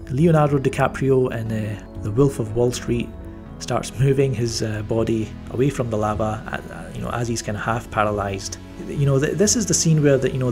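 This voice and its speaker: Male film reviewer, mid-range voice, casual and rambling, dry sarcastic asides, soft music bed. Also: medium pitch. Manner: rambling, with frequent fillers and restarts; wry, mildly sarcastic. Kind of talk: casual spoken movie review.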